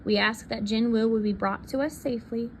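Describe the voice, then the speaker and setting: Woman reader, picture-book read-aloud, soft and unhurried, faint background hiss. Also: fairly high pitch, fairly even intonation.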